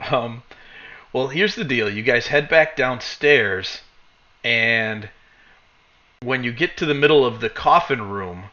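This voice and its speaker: Low-voiced man narrating as game master. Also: bright, forceful tone. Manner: rambling, self-correcting narration. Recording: dull lo-fi recording.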